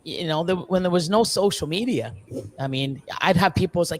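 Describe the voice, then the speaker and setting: A man with a fairly high voice chats on a livestream about breeding snakes. He curses often and acts out quotes from other people with big swings in pitch. The talk is loose and unscripted. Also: brisk. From Canada. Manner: swearing, animated storytelling with voiced quotes. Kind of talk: casual livestream chat.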